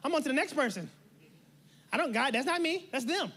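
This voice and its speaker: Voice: high voice, expressive, brisk, a bit bright. A preacher voicing Satan as he shrugs off blame in an offhand, conversational way during a sermon. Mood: dismissive.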